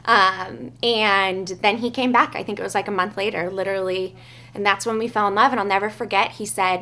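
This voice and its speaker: Tender young bride, slightly gravelly. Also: female voice, mid-range voice, fairly even intonation, pushed and bright. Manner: tender, earnest, with frequent "um" pauses. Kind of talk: heartfelt storytelling and wedding vows.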